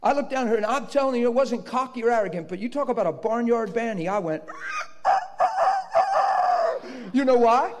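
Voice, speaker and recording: A man delivers a fervent sermon testimony in a high, wildly swinging voice. He tells his story with sudden loud bursts, and his words ring out with the long reverb of a large hall. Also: animated, quick pace, hardly any pauses, a little hiss or hum. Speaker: preacher.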